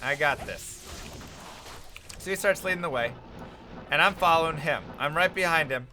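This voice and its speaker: Bright, sharp-toned male streamer. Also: fairly high pitch, a little fast, a little hiss or hum. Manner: animated, rambling, self-mocking. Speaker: game streamer. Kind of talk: casual storytelling while gaming.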